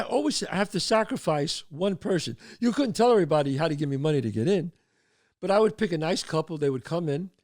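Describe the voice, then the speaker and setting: Animated New storyteller, older man. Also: on the high side, no room sound, clean studio sound. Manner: animated storyteller, acts out quotes. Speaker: host. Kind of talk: storytelling chat.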